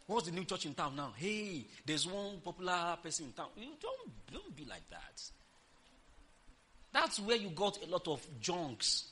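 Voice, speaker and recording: A woman pastor preaching an emphatic sermon, firing rhetorical questions at the congregation and breaking into loud exclamations. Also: fairly low pitch, huge pitch swings, unhurried, a little hiss or hum.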